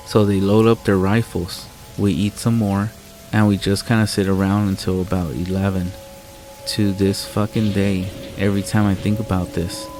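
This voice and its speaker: A man narrating a scary story in a calm, measured, deadpan way. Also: low voice, poor audio. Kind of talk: scripted narration. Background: rain and faint music.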